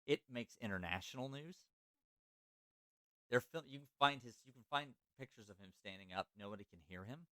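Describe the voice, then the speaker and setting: A man's voice: mid-range voice, lively intonation, a little fast, pushed and bright, no room sound. A man hosting a podcast, telling a history story in a casual way with many fillers and restarts. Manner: loose, filler-heavy, self-correcting. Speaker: podcast host.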